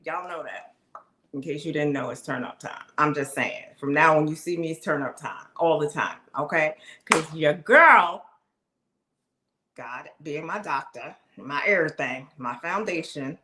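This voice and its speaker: A woman hosting her own live stream, chatting excitedly and preaching straight to her viewers. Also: low voice, unhurried, reverberant. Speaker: live show host.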